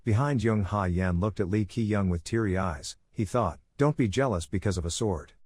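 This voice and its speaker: Low-voiced man narrating a story recap. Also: normal speed, slightly rough, no echo. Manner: reads every character's lines in the same flat narrating voice.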